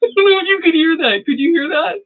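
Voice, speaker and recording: Her voice extremely high, this middle-aged tarot reader talks quickly and animatedly during a live reading on her channel, addressing viewers directly with lots of chatter and laughter. The recording has a tinny, phone-like quality.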